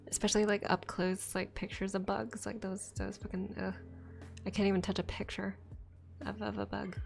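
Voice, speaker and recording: Young woman, streamer, gravelly fry, rambling casual chat, frequent swearing, faint guitar music. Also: medium pitch, flat delivery, normal speed. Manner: rambling, swears often, laughs between lines. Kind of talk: casual late-night stream chat, ASMR edition.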